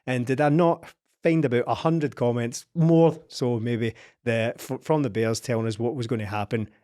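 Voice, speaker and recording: Wry, rambling co-host. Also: male voice, mid-range voice, fairly even intonation, moderate pace, dark tone. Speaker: podcast co-host. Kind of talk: casual podcast chat.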